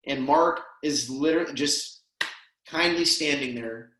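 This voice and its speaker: A man's voice: on the high side, unhurried, fairly bright tone. Earnest man with a roomy echo. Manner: earnest, emotional, peppered with "man" and "dude". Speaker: podcast guest. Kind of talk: casual heartfelt storytelling.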